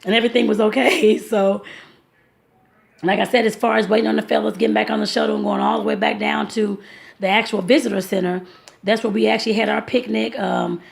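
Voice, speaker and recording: A woman's voice: medium pitch, creaky. A woman vlogger casually telling viewers about her day, rambling and chatty, laughing often and calling them y'all. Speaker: travel vlogger.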